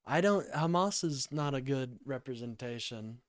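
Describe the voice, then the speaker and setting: Brief: tired man hosting a call-in stream, smooth voice, dry close sound, rambling and apologetic. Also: medium pitch, lively intonation, moderate pace, no room sound. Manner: rambling, apologetic, reads chat aloud. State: sleepy, yawning. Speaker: livestream call-in host. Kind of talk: casual livestream chat.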